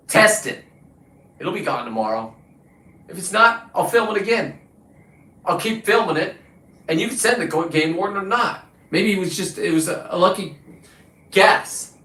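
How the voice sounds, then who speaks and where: The host of this show speaks a bit slowly in a high, somewhat bright voice, pausing often. He rants combatively, boasting and swearing, in a roomy space that puts him far from the microphone.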